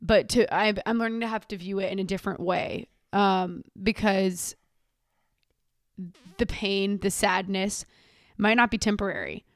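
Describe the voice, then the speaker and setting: A woman's voice: medium pitch, fairly even intonation, a little slow, no room sound, studio quality. A young woman hosting a podcast, talking candidly and emotionally in a rambling way, often repeating words as she opens up. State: tearful at times. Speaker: podcast host. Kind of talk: candid personal monologue. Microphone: own camera.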